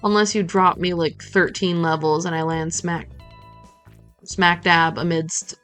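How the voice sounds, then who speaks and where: A woman's voice: on the low side, flat delivery, measured pace, fairly bright tone, clear, resonant tone, faint music behind. A woman streaming a farming game, chatting playfully and muttering to herself as she plays. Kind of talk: casual gameplay commentary.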